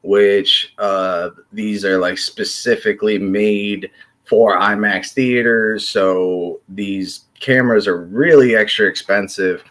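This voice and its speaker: A man with a lowish voice talks loosely to his viewers, stumbling through uh's and tossing in swear words. It is relaxed, off-the-cuff vlog chat. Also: slow pace. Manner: rambling, lots of fillers and swearing. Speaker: YouTube commentary host.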